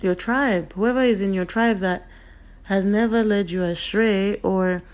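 A woman's voice: medium pitch, a little slow, darkish tone. A woman from Nigeria, giving an earnest, emphatic motivational talk to her viewers, repeating her key points, her voice a little off today. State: voice a bit off today.

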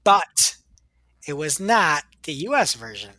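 A man's voice: a little high, slow, dry recording. A man co-hosting a podcast, chatting casually and telling jokey stories. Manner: joking, animated storytelling. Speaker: podcast co-host. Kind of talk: casual chat.

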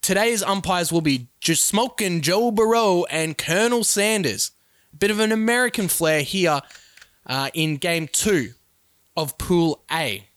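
A play-by-play commentator delivers mock sports commentary on a simulated cricket game, reading out lineups and sponsors in announcer cadence. His voice is high-pitched, unhurried and a bit bright, recorded at studio quality with no room sound.

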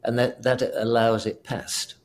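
In a mid-range voice with a level tone and measured pace, an older man with a British accent talks casually as an interview guest, with slight background noise. Originally from South Africa and a retired doctor, he rambles, chuckles and keeps correcting himself.

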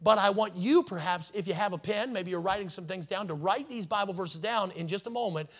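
Guy preaching a sunday sermon, pretty high voice, leans hard on key words. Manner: emphatic preaching, slows down to stress words. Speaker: pastor.

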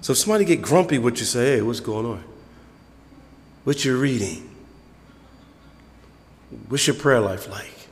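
A man preaching a conversational sermon as pastor, acting out church members in quick voices. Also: medium pitch, animated, big-room sound.

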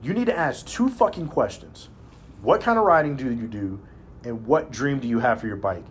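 A man talking in a casual chat, blunt and profane, telling animated stories as a podcast host. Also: medium pitch, moderate pace, slight background noise.

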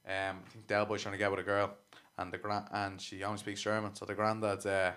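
A man's voice: fairly low pitch, monotone, a little fast, a bit bright. A man hosting a podcast in casual chat, rambling and swearing freely with plenty of laughs. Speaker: podcast host.

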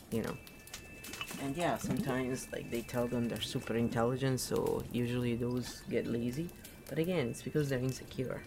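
A woman's voice: very deep voice, gravelly, background noise. A woman from Italy giving a casual, rambling spiritual talk, often laughing at her own jokes. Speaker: podcast host.

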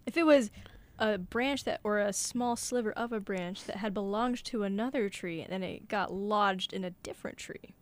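A woman thinking out loud in casual podcast chat. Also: mid-range voice, normal speed.

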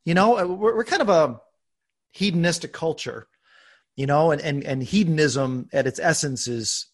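A man hosting a podcast, talking earnestly and openly about his own life, with bursts of laughter and animated emphasis. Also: on the high side, normal speed. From United States. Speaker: podcast host. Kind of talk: conversational podcast talk.

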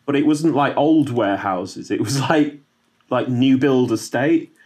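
A man's voice: mid-range voice, a little slow, darkish tone. A man co-hosting a music podcast, chatting in a rambling, jokey way, swearing and laughing often. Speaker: podcast co-host. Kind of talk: casual chat with jokey impressions.

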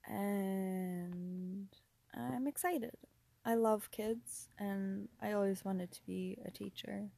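A young woman talks slowly through a casual solo podcast ramble, her voice gravelly with fry. She laughs often and sometimes sinks into a whisper. The sound is dry and close. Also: mid-range voice, warm tone, no room sound. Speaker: podcast host.

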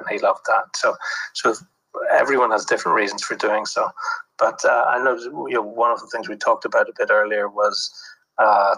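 Husky, bright-toned man telling film stories. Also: lowish voice, poor audio. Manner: reflective, with many fillers and restarts. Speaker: film producer guest. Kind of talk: anecdotal interview talk.

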